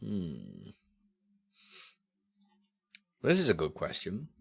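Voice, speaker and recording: A man's voice: sits low, wildly swooping pitch, unhurried, vocal fry, breathy edge. Male streamer, casual live chat, rambling, distracted, bouncy up-and-down voice, plenty of ums. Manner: rambling and easily sidetracked, with many fillers. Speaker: streamer answering chat questions.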